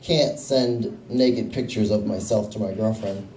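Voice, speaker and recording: Young male comic, deadpan, mellow voice, echoey distant room sound. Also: lowish voice, measured pace, a little hiss or hum. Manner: deadpan, self-mocking storytelling. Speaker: stand-up comedian. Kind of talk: stand-up comedy set. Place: small comedy club.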